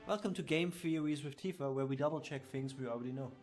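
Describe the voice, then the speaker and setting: A man's voice: on the high side, quick pace. A man teasing a friend with dry sarcasm as she plays a video game on stream. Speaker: co-host watching the player. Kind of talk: casual game stream chat. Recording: game music in the background. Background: game music.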